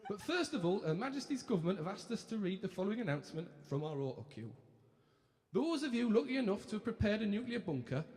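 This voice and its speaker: A man's voice: high-pitched, big pitch swings, fast, a little mellow, pitched above the performer's own voice. A man putting on the voice of a pair of chirpy young male TV presenters, with a Geordie accent and a brash, sweary, mock-cheerful delivery. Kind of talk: live comic impression. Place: live venue stage. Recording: echoey hall with crowd laughter.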